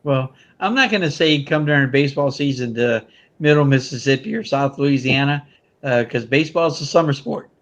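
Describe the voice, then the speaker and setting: A man's voice: mid-range voice, a little fast, fairly bright tone. Man on a lo-fi call. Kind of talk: casual chat.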